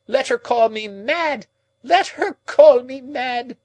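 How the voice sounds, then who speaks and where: A man doing a shrill, wailing old woman. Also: takes it slowly, darkish tone, no echo, low-quality recording. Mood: frantic. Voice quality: shrill, quavering, moaning. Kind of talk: audiobook character reading.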